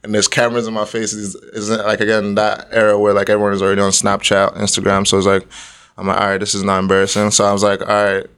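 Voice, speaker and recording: A man's voice: fairly low pitch, monotone, fast talker, a bit bright, smooth. A young man from Nigeria, the guest, telling a story in casual chat and laughing often along the way.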